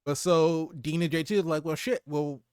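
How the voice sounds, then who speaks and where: A man co-hosting a casual movie review chat, retelling scenes with lively acted-out lines and frequent laughs. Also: a little high, normal speed, smooth, no room sound, studio quality. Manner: animated retelling, acts out character lines, laughs often. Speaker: podcast co-host.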